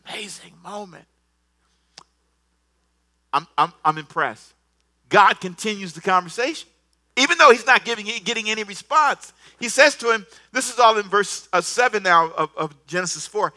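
A man preaching a sermon, swinging from soft asides to loud bursts and acting out the scripture dialogue. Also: sits high, lively intonation, normal speed. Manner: repeats words, acts out scripture dialogue. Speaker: pastor.

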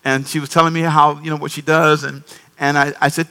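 Male pastor, high-pitched, emphatic sermon delivery. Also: brisk, pushed and bright. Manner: emphatic, repeats phrases, calls on the congregation.

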